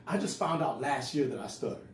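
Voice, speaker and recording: In a medium-pitched, expressive voice and at a slightly fast clip, a man in his forties relates a personal story, raw and casual. He stutters and repeats himself, and the recording has a roomy sound with faint ambient noise.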